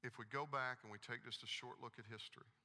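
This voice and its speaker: Forceful preacher man in a reverberant hall. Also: medium pitch, fairly even intonation, fast. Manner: emphatic, reads scripture aloud. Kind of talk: sermon.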